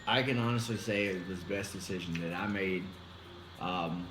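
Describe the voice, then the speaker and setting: A man chatting easily with his wife for their vlog, speaking slowly and sincerely to viewers. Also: sits low, roomy sound, music in the background. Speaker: vlogger, husband. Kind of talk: casual chat.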